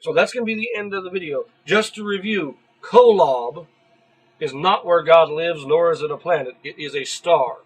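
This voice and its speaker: A man's voice: fairly high pitch, normal speed, husky, rough recording. A man giving earnest solo commentary in a video, explaining and growing emphatic when he disagrees. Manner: earnest, gets worked up and emphatic. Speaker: YouTube commentator.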